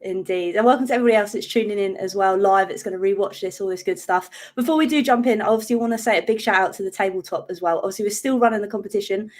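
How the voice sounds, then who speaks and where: Fast-talking woman host. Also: mid-range voice, a little mellow. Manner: upbeat, chatty, rapid. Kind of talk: live fan show hosting.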